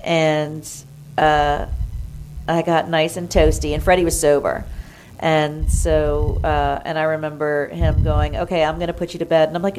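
Animated woman telling a story. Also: normal speed, background noise. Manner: animated, acts out quotes in higher voices. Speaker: guest. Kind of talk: casual storytelling chat.

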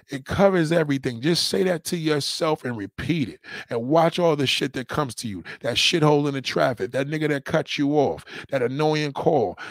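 A man hosting a livestream, giving a blunt, profane motivational rant and slowly repeating a mantra. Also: a little high, no echo, clean studio sound. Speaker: livestream host.

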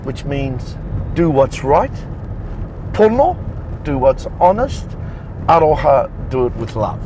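A relaxed New Zealand man chats and jokes from the seat of a car, trailing off into restarts now and then. His voice sits mid-range. Loud road noise rumbles under the whole recording. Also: slow. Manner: relaxed and joking, with hesitant restarts. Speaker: co-host. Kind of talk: casual chat.

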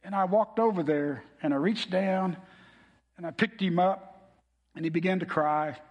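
A man's voice: high-pitched, normal speed, long reverb tail. A middle-aged man preaching a sermon as pastor, telling a story in an earnest, heartfelt way.

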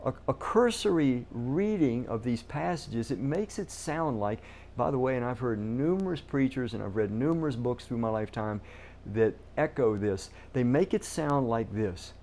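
Emphatic man preaching, mellow voice. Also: medium pitch, expressive, normal speed, slight background noise. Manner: emphatic, repeats key words for stress. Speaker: pastor. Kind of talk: sermon.

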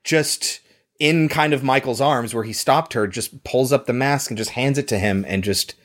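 A man co-hosting a podcast, casually recapping a movie plot in an animated way, swearing now and then. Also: mid-range voice, moderate pace. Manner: animated storytelling, swears, acts out lines. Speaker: podcast co-host.

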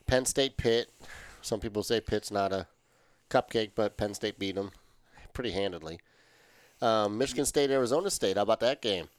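A man with a lowish, smooth and resonant voice hosts a laid-back sports chat. He talks in an easygoing way and jokes with his brother as they talk over each other. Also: normal speed, dry recording. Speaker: podcast host.

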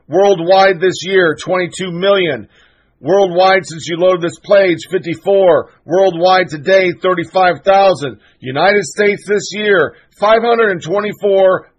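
A man's voice: sits high, slow pace, poor audio. A male show host delivering a solo commentary monologue, ranting in a fired-up, profane and sarcastic way.

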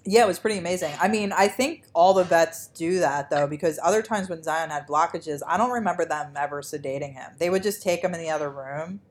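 Casting: woman podcast host, rambling storyteller, slightly low voice. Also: brisk, few pauses, a little hiss or hum. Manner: rambling anecdotes, heavy "like" and "um" fillers. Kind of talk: casual storytelling chat.

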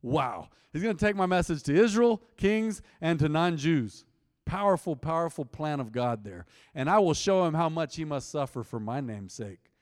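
Animated preacher in an echoing hall. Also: male voice, fairly high pitch, moderate pace. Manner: animated, teasing, quizzes the congregation. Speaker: pastor. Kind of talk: interactive sermon, reading scripture aloud. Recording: long hall reverb.

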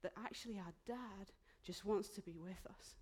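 Woman, sermon in church, heartfelt, emotional, medium pitch, soft whispered asides. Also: moderate pace, breathy edge. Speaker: preacher.

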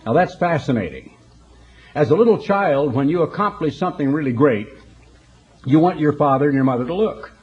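A man's voice: on the high side, animated, fairly quick, darkish tone, lo-fi sound. Folksy storytelling male preacher. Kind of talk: broadcast sermon.

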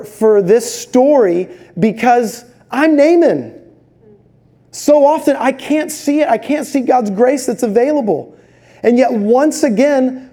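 A man preaching a sermon, telling stories with animated, acted-out quotes. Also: extremely high pitch. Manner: animated storytelling, acts out voices in quotes. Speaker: pastor.

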